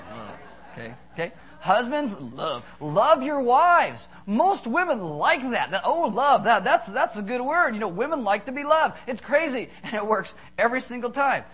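A middle-aged man preaching a sermon as a pastor, animated and joking, acting out small stories and voices. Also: high-pitched, low-quality recording.

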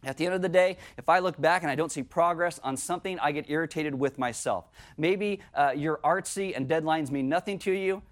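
Joking conversational male pastor, slightly high voice. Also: a little fast, few pauses. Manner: conversational, joking asides to the congregation. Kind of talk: sermon.

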